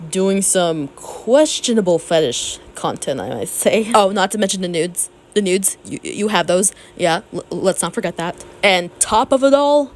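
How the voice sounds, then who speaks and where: A woman giving an emotional commentary rant, tearful and close to crying, raw and heated, with stumbling restarts. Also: medium pitch. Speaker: YouTube commentator.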